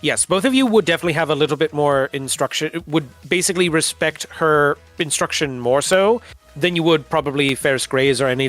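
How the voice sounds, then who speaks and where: Man, game master voice, fairly high for a man, halting with lots of ums, faint music underneath. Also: a bit bright. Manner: halting, filler-heavy description. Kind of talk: narrating a tabletop game.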